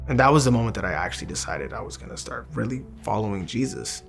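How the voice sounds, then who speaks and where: A young man telling his personal faith testimony in an earnest, halting way, often restarting his sentences. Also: medium pitch, animated, gravelly, soft background music. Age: young adult. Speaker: testimony speaker.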